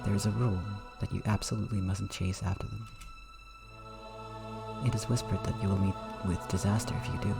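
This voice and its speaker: A man voicing an old woman servant in a slow, hushed whispered role-play, telling of something ominous. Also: fairly low pitch, level tone, gravelly, over loud music. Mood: eerie, hushed.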